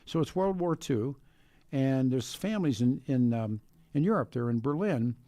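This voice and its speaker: A man's voice: medium pitch, animated, normal speed, warm tone, dry recording. A man hosting a radio talk show, rambling through topics with frequent restarts and asides to callers.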